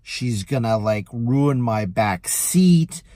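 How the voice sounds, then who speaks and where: A man, a rideshare driver, telling a story in a casual vlog in a chatty, animated way. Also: medium pitch, takes it slowly, no room sound, studio quality. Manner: chatty, animated retelling with lively quoted voices.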